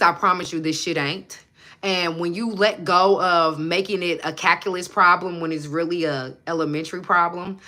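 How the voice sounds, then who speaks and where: A woman's voice: fairly low pitch, pushed and bright. A young adult woman hosting a casual livestream, talking bluntly and emphatically with plenty of profanity as she preaches self-belief to her viewers. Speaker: manifestation coach and livestream host.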